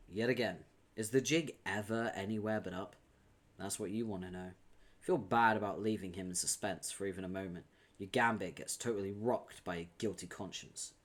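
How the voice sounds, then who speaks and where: A man reading a webcomic aloud on a live stream, chatting with viewers, laughing often and swearing casually. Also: on the low side.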